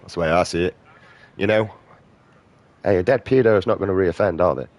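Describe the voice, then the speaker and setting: A man's voice: sits low, a little fast, a little mellow. A British man in his thirties ranting profanely as he comments over his gameplay. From Britain. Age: 30s. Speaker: gaming streamer.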